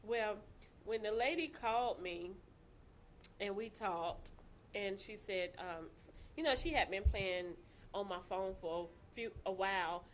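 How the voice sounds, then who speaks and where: A woman telling her own story in casual chat, animated and laughing, acting out the voices of people she quotes. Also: medium pitch, unhurried, a little hiss or hum.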